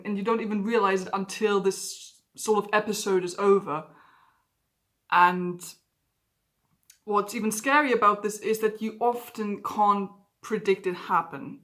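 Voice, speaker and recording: A woman speaks to her viewers in a personal, confessional vlog. She talks openly and frankly. Her voice sits at an ordinary middle pitch. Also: fairly bright tone. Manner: candid, emotionally open storytelling. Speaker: vlogger.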